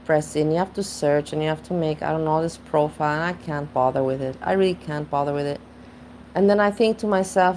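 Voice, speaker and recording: A woman's voice: deep voice, a little mellow, a little hiss or hum. A woman hosting a reaction channel, musing and rambling in casual commentary. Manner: musing, rambling, chuckles at her own jokes.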